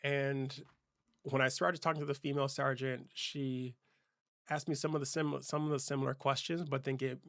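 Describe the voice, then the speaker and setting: Man, 40s, host: gravelly, dry-miked, relaxed storyteller who restarts sentences often. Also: medium pitch, normal speed, no room sound. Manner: casual, loose, with frequent fillers and restarts. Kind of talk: personal storytelling.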